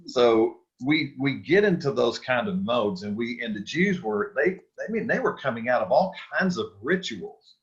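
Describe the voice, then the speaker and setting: A man's voice: medium pitch, fairly bright tone, dull audio. A man teaching a church Sunday school class, talking casually with restarts and questions to the group. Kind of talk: Bible study lesson.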